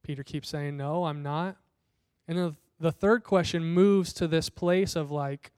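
A man with a high, smooth and resonant voice preaches a sermon. He tells the story conversationally and slips into the voices of the people in the passage. The sound is close and dry. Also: a little mellow, no echo. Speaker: pastor.

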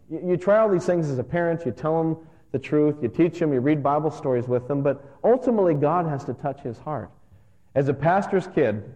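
A man in his thirties, a pastor, giving a conversational and earnest sermon that gets animated at times. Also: mid-range voice. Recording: dull lo-fi sound with long hall reverb.

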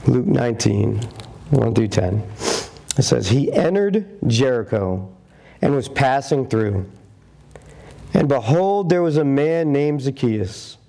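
Animated, gravelly-voiced male preacher. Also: mid-range voice, slow. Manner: animated storytelling, acting out quotes in character. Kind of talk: sermon.

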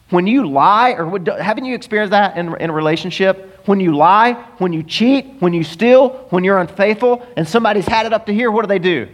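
A man preaching a sermon, telling stories with animated, emphatic delivery. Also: a little high. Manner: animated storytelling preacher, rising to emphatic peaks. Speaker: pastor.

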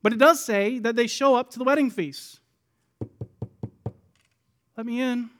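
High-voiced man preaching a dramatic sermon. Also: a little fast. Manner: dramatic, voicing the people in the parable; swings between loud pleading and soft, low asides. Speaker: pastor.

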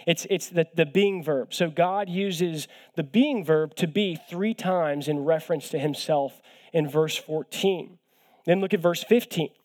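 A young man preaching as a guest speaker, his voice sitting a little higher than most men's. He keeps it conversational and easygoing, mixing gentle jokes at his own expense into the teaching and often doubling words as he goes. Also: a little slow. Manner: conversational with light self-deprecating humor, often repeats words. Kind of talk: sermon.

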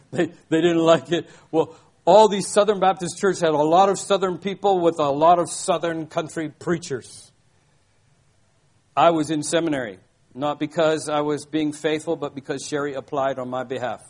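Emphatic older male preacher, high voice. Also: steady tone, moderate pace, a little mellow. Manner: emphatic, repeats key phrases, asks rhetorical questions. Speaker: pastor. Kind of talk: sermon.

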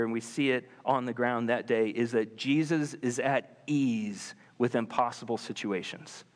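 Male pastor, mid-pitched, casual animated sermon delivery, long church-hall reverb. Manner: conversational, animated, casual fillers.

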